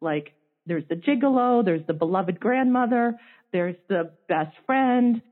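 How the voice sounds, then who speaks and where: A woman in her forties recounts a heartbreak in an open, confessional way. Her voice is husky and breathy. She sounds as if heard over a narrow, phone-like line. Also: medium pitch, a little slow. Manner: emotional, confessional, quotes others in animated voices. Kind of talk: candid storytelling chat. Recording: tinny phone-line audio.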